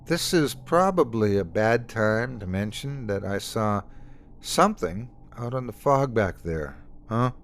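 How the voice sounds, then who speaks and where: Male reader as a young woman passenger, dry and sarcastic, low lively voice. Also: unhurried. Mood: uneasy. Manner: mildly sarcastic, shaken.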